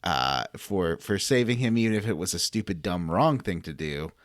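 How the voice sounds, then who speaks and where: A man co-hosts a casual gaming podcast with a laid-back, trailing delivery. His pitch swings widely between phrases. The sound is dry and close. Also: animated, moderate pace, no room sound. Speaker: podcast co-host.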